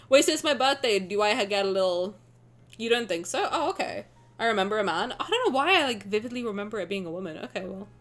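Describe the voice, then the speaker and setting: A young woman streamer reacting to a game with excitable, casual commentary. She swears and laughs often. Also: medium pitch, quick pace.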